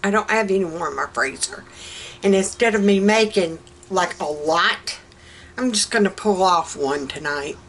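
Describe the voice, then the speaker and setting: A middle-aged woman with a Southern American accent chats cheerfully and folksily in her kitchen for a home cooking vlog, laughing often. Her voice is lowish and a bit bright, at normal speed. The recording is rough, with slight background noise.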